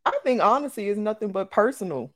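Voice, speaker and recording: A woman in her twenties or thirties co-hosting a casual podcast chat, with speech, animated and acting out quotes. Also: medium pitch, quick pace. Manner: animated, acts out quotes, frequent laughs. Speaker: podcast co-host.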